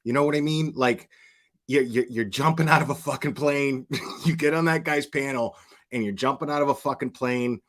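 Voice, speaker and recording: A man's voice: medium pitch, normal speed, a bit bright. A man hosting his channel in casual livestream commentary, crude and profane, rambling with repeated restarts. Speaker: channel host.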